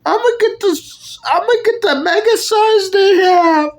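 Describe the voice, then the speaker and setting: A woman voicing whiny, squabbling pet birds with a shrill crying wail. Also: unhurried. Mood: pleading. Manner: high-pitched shouted whining.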